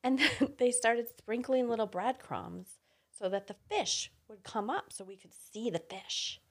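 A middle-aged woman in casual chat, telling a story in a lively way and laughing often. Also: fairly high pitch, unhurried.

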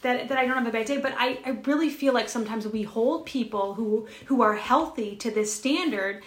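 A woman's voice: on the high side, brisk, roomy sound. A woman co-hosting a spiritual chat show, telling a personal story in an earnest, rambling way with many restarts. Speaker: podcast co-host.

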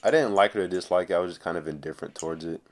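A young man chatting casually on a podcast, skeptical and deadpan, often trailing off quietly. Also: sits low, racing. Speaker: podcast co-host.

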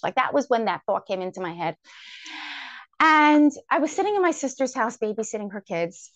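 A woman telling a personal story to a live audience, lively and acting out her own inner thoughts. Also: medium pitch, moderate pace, no echo, dull audio. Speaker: guest speaker.

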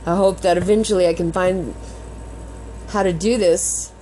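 A woman's voice: lowish voice, steady tone, moderate pace, mellow. A woman venting in a casual vlog at home, swearing often and talking to herself, recorded on a muffled-sounding phone. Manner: swears a lot, talks to herself, swings between frustrated and laughing. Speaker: vlogger. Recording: muffled phone audio, faint background noise.

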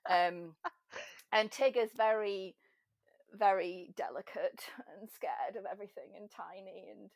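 A woman chatting as a podcast guest, self-mocking and quick to laugh. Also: medium pitch, no room sound, clean studio sound. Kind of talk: casual chat.

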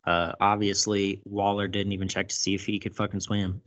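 A man casually recapping a movie, animated and profane, acting out lines as he goes. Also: on the low side, fairly quick. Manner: animated, swears a lot, acts out lines. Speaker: podcast host recapping a movie. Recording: dull lo-fi sound.

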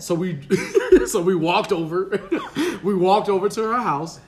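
A man's voice: sits high, a little slow, few pauses. A man on a casual podcast, telling a story with lots of laughter and acted-out quotes. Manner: animated, laughs often, acts out quotes. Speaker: podcast guest.

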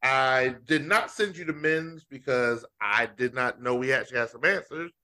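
A man's voice: medium pitch, normal speed, pushed and bright. A man co-hosting a sports podcast, playful and teasing in casual banter. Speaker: podcast co-host.

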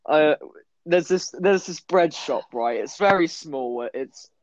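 A man's voice: fairly high pitch, animated, takes it slowly, dry recording. A young man from the of England, co-hosting a podcast and chatting through funny stories, with stammered restarts and laughs. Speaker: podcast co-host. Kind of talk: casual storytelling chat. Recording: dull lo-fi dry recording.

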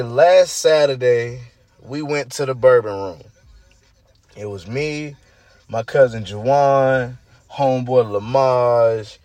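A man with a hoarse, groggy voice, hosting his own show and telling a story in casual chat, swinging between loud hype and murmurs. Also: a little high, no echo. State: hoarse, lost voice. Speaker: show host.

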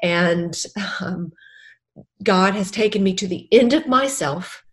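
Slow and medium-pitched, a middle-aged woman talks as a podcast guest about her faith. She is an author and a former counselor, and she speaks with earnest tears, returning to and emphasizing her key phrases.

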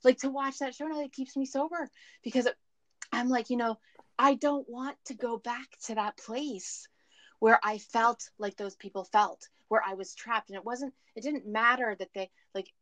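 A woman's voice: on the high side, normal speed, fairly bright tone, dry recording. A woman calling in as a guest, telling her personal story in a candid, emotional and rambling way over the phone. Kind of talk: candid recovery story chat. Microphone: phone call.

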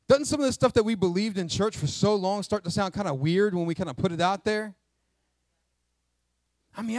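A middle-aged male pastor preaching a sermon in a lively, conversational way, mixing jokes and asides into his teaching. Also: high-pitched, normal speed, no room sound.

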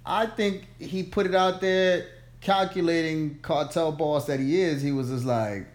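A man's voice: fairly high pitch, unhurried. Wry teasing male co-host. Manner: teasing, wry, spins theories. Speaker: podcast co-host. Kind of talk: casual chat.

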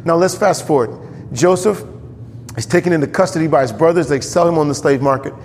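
A man preaching a sermon as pastor, animated, jumping up in pitch when he voices quoted characters. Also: a little fast, in a large hall, slight background noise.

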